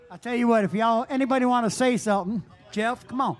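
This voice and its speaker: A man's voice: extremely high pitch, fast talker. A man emceeing a live bar stage into a handheld mic, joking loosely and calling people up. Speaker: emcee of a jam. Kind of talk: casual stage banter.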